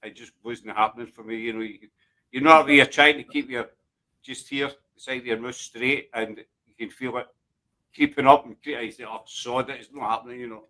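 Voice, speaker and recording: Glaswegian male host, rambling and jokey, bright forward tone, casual chat. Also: mid-range voice, steady tone, normal speed, low-quality recording. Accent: Glaswegian Scottish. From Glasgow, Scotland. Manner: jokey, rambling, self-deprecating.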